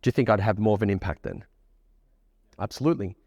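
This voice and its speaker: A man coaching a live group of students, keeping the session energetic and often checking that the room follows him. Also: on the low side, fast, no echo, clean studio sound, long reverb tail. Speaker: dating coach. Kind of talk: live workshop teaching to a group. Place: room with a live audience, on stage.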